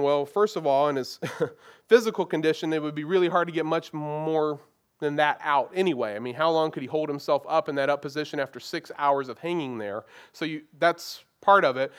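A man with a high voice delivers a sermon from the pulpit. He explains his points step by step and reads scripture aloud slowly and earnestly. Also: a bit bright. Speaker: pastor.

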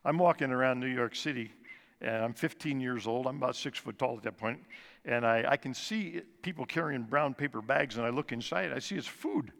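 A man in his sixties giving an earnest personal testimony at a church service, slowing and dropping his voice soft for emphasis. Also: medium pitch, creaky. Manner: earnest storytelling, slows and drops soft for emphasis. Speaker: guest speaker at church service. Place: church sanctuary. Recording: long reverb of a large church hall.

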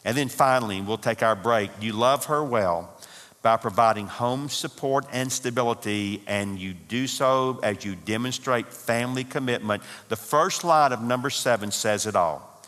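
A man's voice: mid-range voice, normal speed, fairly bright tone. A man in his sixties, a seminary professor, giving a folksy, humorous talk to couples at a marriage conference. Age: 60s. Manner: folksy, humorous, emphatic with repetition. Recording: long hall reverb.

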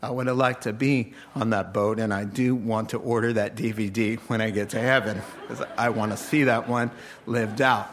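A man preaching a sermon as pastor, animated and joking with laughing asides. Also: lowish voice, moderate pace, slight background noise.

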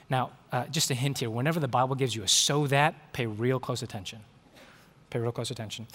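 A man preaching a sermon with storytelling, animated and acting out the dialogue in his stories. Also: mid-range voice. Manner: animated, acts out quoted dialogue. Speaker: pastor. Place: church sanctuary. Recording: reverberant hall.

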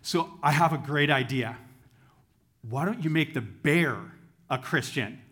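Man doing a sly cornered atheist guy, bargaining, a bit louder, sermon joke. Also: a little high, measured pace, breathy edge.

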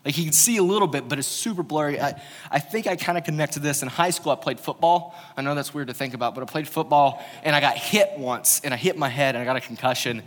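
A man's voice: on the high side, fast, fairly bright tone. A man preaching a casual, conversational sermon, telling stories with informal humorous asides. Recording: long reverb of a large hall.

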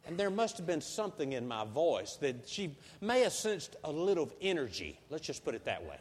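A preacher with a high voice tells his stories in a homespun, folksy way. He swells into loud, emphatic passages as he drives each point home. His voice carries through a big church hall with a long, ringing reverb. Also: very animated, moderate pace, slightly rough. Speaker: pastor. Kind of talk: sermon.

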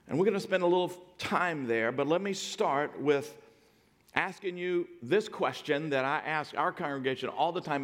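A middle-aged man pastor delivering a sermon in a big hall with a long echo tail. His voice sits a little high for a man, and he swings from near-whispered storytelling to forceful, emphatic declarations. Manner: storytelling, dynamic swings from hushed to loud emphatic.

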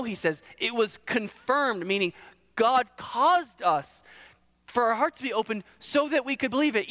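A man's voice: high-pitched, fairly bright tone, long reverb tail. A man preaching a sermon, emphatic, asking and answering his own questions.

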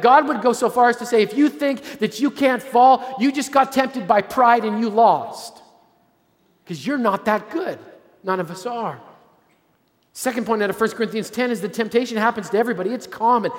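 A man preaching a sermon as pastor, earnest, repeating himself and dropping to a low hush for emphasis. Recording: long hall reverb.

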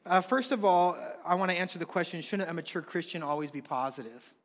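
A man preaching a sermon as pastor, animated and acting out quoted voices as he tells stories. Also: high-pitched, a little fast. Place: church hall with congregation. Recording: long reverb of a large hall.

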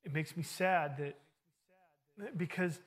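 A man's voice: on the high side, slow pace, slightly rough. A man preaching a sermon, telling a personal story in an earnest, conversational way.

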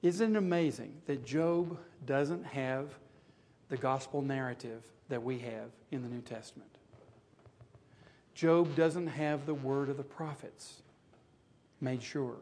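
A man preaching a sermon, swinging from loud, rising rhetorical questions to quiet, hushed passages. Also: medium pitch, takes it slowly.

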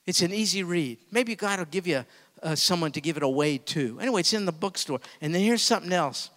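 A man preaching a sermon as pastor, swinging from hushed, intimate asides to booming emphasis. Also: expressive, brisk, big-room sound.

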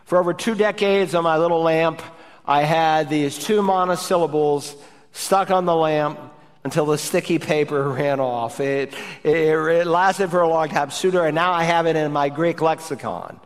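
A man's voice: a little high, normal speed, big-room sound. A middle-aged man, a pastor, preaching a sermon with emphatic, urgent exhortation.

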